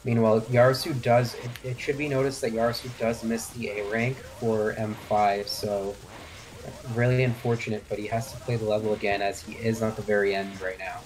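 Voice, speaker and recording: Low-voiced man rambling through live commentary. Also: little pitch movement, brisk, a little mellow. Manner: rambling, thinks aloud, asks co-host for agreement.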